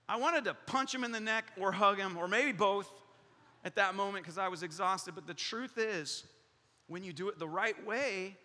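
A male pastor delivers a sermon in a big hall, his sound trailing off into a long reverb. His voice is high and sharply bright, and he tells stories with animation, acting out other people's lines and laughing along the way. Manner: animated storytelling, acts out voices, laughs often. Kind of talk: sermon with personal story.

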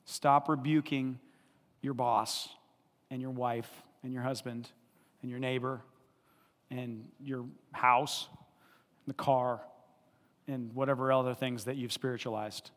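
A male pastor preaching a sermon, animated and repetitive, checking in often with the congregation. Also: medium pitch, a little slow, long pauses, long reverb tail.

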